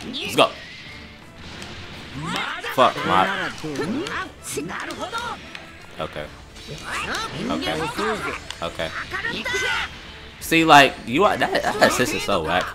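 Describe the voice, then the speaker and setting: A man giving casual, frustrated commentary on his gameplay, swearing and jumping into high-pitched yelps when things go wrong. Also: huge pitch swings, takes it slowly, long pauses, crowd noise. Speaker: gaming YouTuber. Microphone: desktop USB microphone. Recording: game music behind voice.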